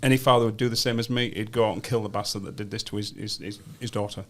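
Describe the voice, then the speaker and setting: A man's voice: lowish voice, fairly even intonation, fast, a bit bright. An English man in his fifties, a guest on a studio podcast, telling his story bluntly and frankly. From England. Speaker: guest, business founder. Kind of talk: podcast interview.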